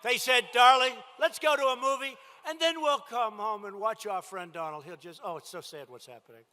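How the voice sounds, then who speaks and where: A man at a rally putting on the voice of a doubtful female voter, soft and mock-pitying. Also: very high-pitched, moderate pace, long reverb tail.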